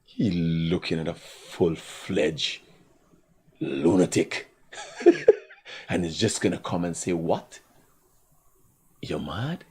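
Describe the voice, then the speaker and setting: Low-voiced and slightly rough, this Guyanese Creole-accented livestream host takes his time and pauses often. Still, he's animated, ranting and breaking into laughter through his rambling talk.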